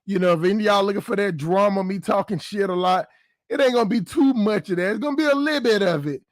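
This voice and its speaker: Guy hosting his stream, high voice, cussing n slangy, real dry sound. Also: quick pace, no room sound. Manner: profane, laughing, loose Southern slang. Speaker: livestream host. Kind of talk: casual livestream talk.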